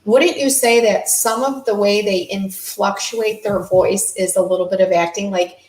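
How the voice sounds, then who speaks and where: A woman's voice: medium pitch, steady tone, moderate pace, darkish tone. A woman hosting a casual talk show, chatty and agreeable, picking up her co-host's points. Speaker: host. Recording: echoey room.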